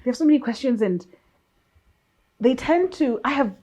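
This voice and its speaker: A woman in her fifties from Kenya, a podcast guest telling stories in a lively, laughing way. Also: high-pitched, normal speed. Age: 50s. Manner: lively, laughs often, storytelling. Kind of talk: casual chat.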